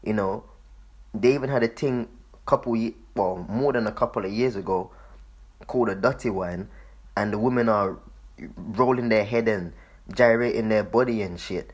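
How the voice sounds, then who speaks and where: Husky low-voiced man commenting casually. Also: moderate pace. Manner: loose, swearing, laughs often, repeats words. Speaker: online commentator.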